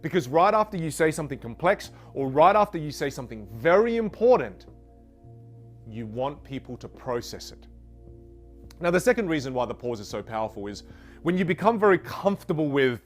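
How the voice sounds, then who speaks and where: Lively man coaching on public speaking. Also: fairly high pitch, fairly quick, faint music behind. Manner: energetic, rhetorical questions, demonstrates trailing off and fillers. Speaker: communication coach. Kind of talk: instructional lesson.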